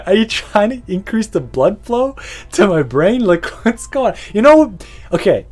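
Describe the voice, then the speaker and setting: A man's voice: sits high, big pitch swings, slow, darkish tone, soft background music. A man hosting a podcast, rambling through a profane, casual rant and laughing often. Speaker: podcast host.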